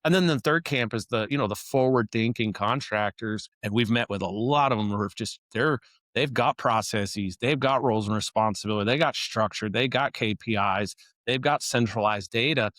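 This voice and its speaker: A man's voice: lowish voice, normal speed, fairly bright tone, no echo. A man talking as a guest on a business podcast, explaining in a casual, conversational way with frequent restarts. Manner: conversational, restarts and "you know" often. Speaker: construction operations consultant, podcast guest. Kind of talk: casual interview talk.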